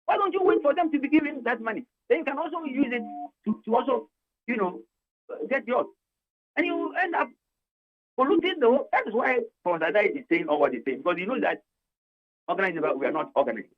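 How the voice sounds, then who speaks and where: An older Ghanaian man speaks as a union leader on a radio talk show, repeating himself for emphasis and slipping between English and Twi. His pitch swings widely as he presses his case. The sound is dull and lo-fi, like a narrow line. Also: lively intonation, fast.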